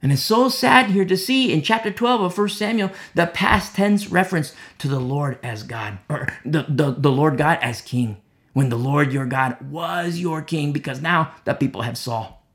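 A man preaching an expository Bible sermon in a fairly high voice. He repeats his key phrases and swings from loud, fervent peaks down to hushed, low asides. He has the urgent delivery of a preacher pressing his point. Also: moderate pace.

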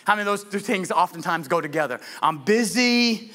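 A man's voice: high-pitched, rapid-fire, pushed and bright. A pastor preaching a conversational sermon with many restarts and rhetorical questions to his listeners.

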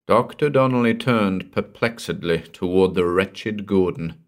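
A man reading a pulp horror story aloud as narrator, in an expressive storytelling manner. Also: deep voice, measured pace.

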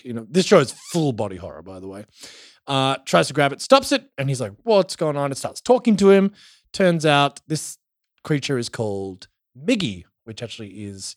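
A man's voice: mid-range voice, a little fast, no room sound, studio quality. A man from Australia casually recapping a show as podcast co-host, telling it with energy and swearing. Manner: animated storytelling with swearing.

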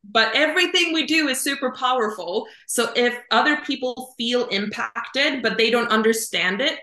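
A woman coach speaks with a bright, forceful tone, explaining her ideas through simple images in a relaxed, chatty way. Her voice rings in a roomy, echoey space. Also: on the high side, moderate pace. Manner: thoughtful, explains with images, says "kind of" and "like" often. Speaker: Human Design reader and coach, guest. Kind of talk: casual explanatory chat.

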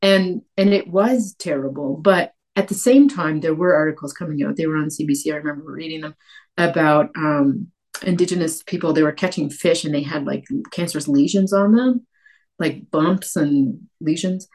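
Guest author, woman from Cape Breton, low voice, animated and chatty. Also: normal speed. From Cape Breton, Canada. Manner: animated, many restarts and acted-out quotes. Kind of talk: conversational interview.

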